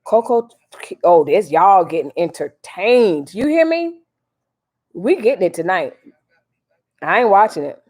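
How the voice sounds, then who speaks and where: A woman's voice: fairly low pitch, lively intonation, unhurried, darkish tone. A woman hosting a casual live stream, chatting in a slangy, direct way to her viewers. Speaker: livestream host.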